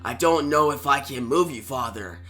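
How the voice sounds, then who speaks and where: A man reading out the lines of a grieving masked hero in a low, hushed voice. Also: moderate pace, natural voice. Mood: sorrowful, hushed. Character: grim male caped hero, grieving and quiet.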